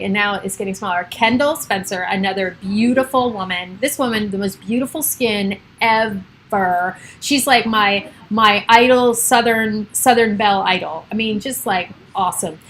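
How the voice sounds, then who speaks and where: A middle-aged realtor livestreams casually from home to her followers, giggly and rambling off topic. Her medium-pitched voice is unhurried and a bit bright, with slight background noise.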